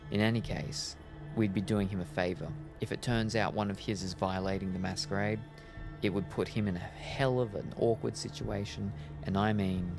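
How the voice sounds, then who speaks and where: A gravelly, low-voiced vampire mentor, as a man puts him on while reading game dialogue aloud. He is cynical and streetwise, with clipped, world-weary phrasing. Game music plays behind him.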